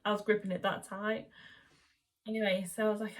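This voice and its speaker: A woman's voice: mid-range voice, fairly quick. A young woman chatting casually at home, telling the story of her labour and birth. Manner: chatty, animated retelling, quoting the midwife in raised voice. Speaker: vlogger.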